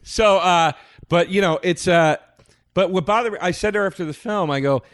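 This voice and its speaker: A man's voice: high voice, a little fast, dry recording. Man, podcast co-host, rambling, stammering restarts, dry close-miked sound. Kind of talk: casual movie review chat.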